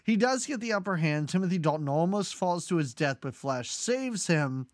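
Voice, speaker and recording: A woman's voice: on the low side, animated, normal speed. A woman co-hosting a podcast, recapping a movie casually, laughing often and imitating characters. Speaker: podcast co-host.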